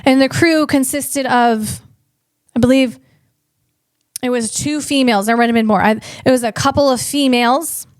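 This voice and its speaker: A woman comedian hosting a podcast, delivering a rambling, animated comic monologue full of restarts. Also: high-pitched, moderate pace, dry recording, studio quality.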